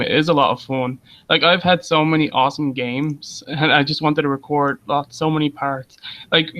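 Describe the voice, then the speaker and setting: A man with a higher, bright voice chats about games, laughing through his stories. His sound comes through a dull, lo-fi call line. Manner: chatty, laughs while telling stories. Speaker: guest gamer. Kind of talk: casual gaming chat.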